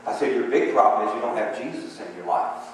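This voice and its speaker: A man preaching in a church sanctuary has a mid-range voice with lively intonation and speaks a little fast, moving from emphatic calls for response to conversational stories. Captured from a distance in an echoey hall, the audio has slight background noise.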